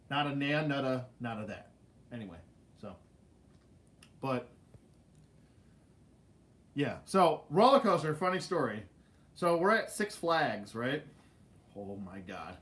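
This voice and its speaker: A young man casually telling a funny childhood story, animated and laughing, acting out his family's lines. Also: mid-range voice. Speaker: host.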